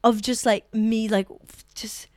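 Woman, comic podcast co-host, bouncy high voice, close and dry. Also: measured pace, no room sound. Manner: animated, giggly storytelling. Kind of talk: casual podcast chat.

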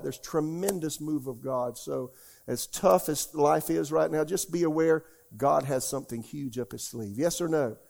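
Older man pastor, gravelly and a bit high-pitched, emotional folksy preacher, choked up. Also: darkish tone. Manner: emotional, folksy, repeats himself. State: tearful. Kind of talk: sermon.

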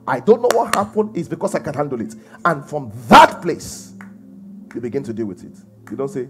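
A man's voice: a little high, sing-song, fairly quick, faint music behind. A man preaching a sermon, emphatic and full of rhetorical questions. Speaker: pastor.

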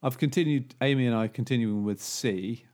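A man's voice: mid-range voice, moderate pace, darkish tone. Chatty man, laughing often. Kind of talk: casual chat about TV.

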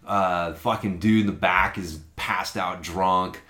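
A man's voice: low-pitched, slow. A man casually telling a long story on a podcast, rambling and swearing often. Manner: profane, rambling, animated storyteller. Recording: echoey room.

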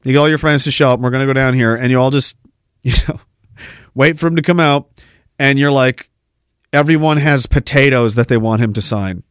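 A man's voice: mid-range voice, fairly quick, smooth, no room sound, studio quality. Sarcastic ranting male podcast host. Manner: sarcastic, mocking, laughs at own jokes. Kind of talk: casual ranting commentary.

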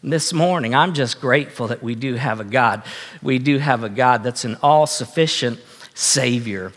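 Earnest pastor in an echoey hall. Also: male voice, mid-range voice, fairly bright tone. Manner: earnest, repetitive, halting with fillers. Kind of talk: sermon. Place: church sanctuary.

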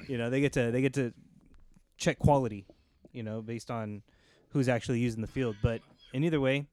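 A man hosting a casual podcast chat, relaxed and steering the topics. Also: mid-range voice, normal speed. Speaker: podcast host.

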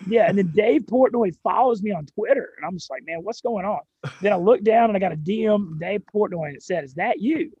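A young man with a Southern drawl and a high, gravelly, somewhat husky voice, telling his story with excited energy and casual cursing. The sound is dry and a little dull, close to the mic. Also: a little fast, dry recording. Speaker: sports radio and gambling show host, guest.

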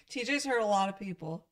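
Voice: medium pitch, fairly bright tone. An interviewer chatting casually with a guest, laughing often and prompting with short questions.

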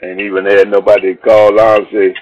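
On a dull lo-fi recording with a little faint noise, a man whose voice sits on the low side talks fairly quickly. His long personal story rambles, full of profanity, as he animatedly acts out the people in it and quotes what they said.

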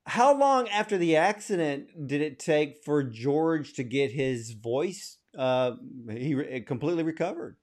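A man's voice: fairly high pitch, animated, measured pace, few pauses, darkish tone. A man hosting a casual podcast interview, asking long, conversational questions with frequent restarts. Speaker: podcast host.

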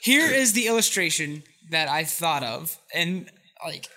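A podcast co-host in casual chat, excitable and rambling, laughing often. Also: medium pitch, a little slow.

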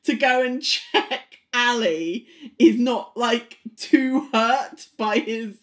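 A woman's voice: on the high side, very slow, a bit bright. A woman chatting casually as a podcast co-host, giggly and enthusiastic. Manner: giggly, enthusiastic, frequent fillers and restarts. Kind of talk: casual chat.

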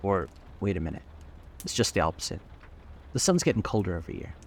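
A burly, bullying rich man speaks in a gruff, low voice, as a male narrator puts him on. He blusters along at a brisk pace in this audiobook reading. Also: sing-song, a little mellow, a little hiss or hum. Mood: genial.

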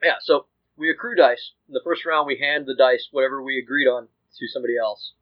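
A man is the game master of a tabletop role-playing game. He explains the rules and teases his players. His pitch is middling, and the audio is dull and lo-fi. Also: brisk.

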